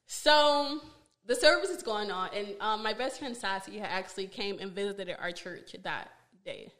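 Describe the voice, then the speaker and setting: A woman podcast host telling a personal story in a casual, animated way, exasperated and full of fillers. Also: medium pitch, unhurried.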